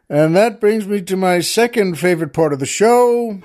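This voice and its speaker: Man, comedy podcast host, chatty jokey monologue, slightly high voice. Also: darkish tone. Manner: chatty, jokey asides, chuckling. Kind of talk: casual comic monologue.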